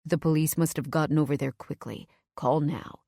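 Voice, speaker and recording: A woman doing a deep, calm protective man. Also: moderate pace, gravelly, no room sound, clean studio sound. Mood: calm, gentle.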